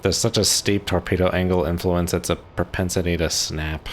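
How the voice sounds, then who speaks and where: A man's voice: low voice, fairly even intonation, moderate pace, a little hiss or hum. A man in his thirties from Maryland, chatting casually while live-streaming a game, rambling with lots of filler words. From Maryland, USA. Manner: rambling, laid-back, heavy on "like" fillers.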